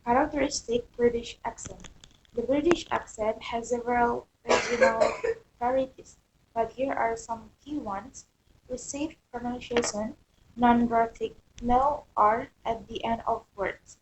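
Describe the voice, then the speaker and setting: A woman's voice: fairly high pitch, unhurried. A woman student reading a class presentation aloud, going steadily through a list of points. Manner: steady reading of listed points, occasional stumble. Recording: faint background noise.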